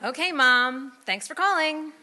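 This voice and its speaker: A woman's voice: high-pitched, lively intonation, unhurried, sharp tone, slight background noise, heavily acted. A woman playing an exasperated, placating grown daughter in a live comedy sketch.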